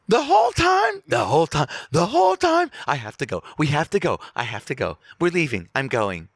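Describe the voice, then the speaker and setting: Comedian putting on a shrieking panicked lady, falsetto, shouted, pure comic bit. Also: huge pitch swings, moderate pace, creaky, no echo, clean studio sound, exaggerated voice. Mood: frantic. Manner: panicked repeating. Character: frantic high-pitched woman, shrill impression. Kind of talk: comedic impression.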